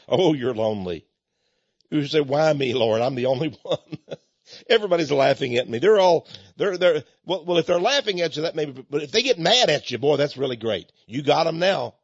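A man's voice: mid-range voice, husky, no room sound. Chuckling, stammering male preacher. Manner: chuckling storyteller with many stammered restarts. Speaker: author and Christian speaker. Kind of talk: folksy preaching and book pitch. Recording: dull lo-fi recording.

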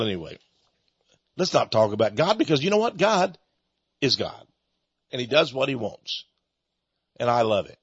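Husky older man preaching earnestly. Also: mid-range voice, no room sound, lo-fi sound. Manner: earnest and heartfelt, with frequent repetitions and restarts. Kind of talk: informal spoken sermon.

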